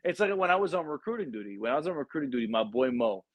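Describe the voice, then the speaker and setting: A man's voice: mid-range voice, very animated, racing, muffled recording. A man hosting a casual podcast chat, laid-back and slangy, often agreeing with his guest.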